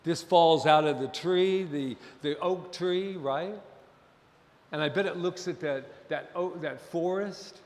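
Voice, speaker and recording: A middle-aged man preaching a sermon as minister, impassioned and at times near shouting. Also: a little high, slow. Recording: long hall reverb.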